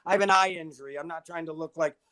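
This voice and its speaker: A man's voice: on the high side, fairly even intonation, quick pace, bright, forceful tone. An older man, a guest in a casual interview, telling long stories in a wry, self-deprecating way.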